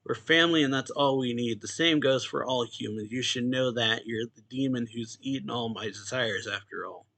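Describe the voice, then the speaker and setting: A man's voice: medium pitch, moderate pace, creaky, hardly any pauses, pushed and bright. A man reading as a protective young fighter. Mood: defiant. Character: young man, fiercely protective of his family.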